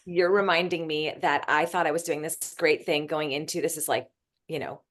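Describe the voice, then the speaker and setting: A middle-aged woman with a notably low voice, chatting as a guest author. She tells stories loosely, circling back and restarting her sentences as she goes. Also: fairly even intonation, moderate pace. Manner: rambling storyteller, restarts sentences. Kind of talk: casual interview chat.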